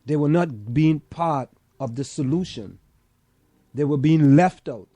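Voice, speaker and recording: Dark-voiced Trinidadian man in casual chat. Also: a little high, unhurried, no echo. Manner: stammering restarts, insistent. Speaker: podcast co-host.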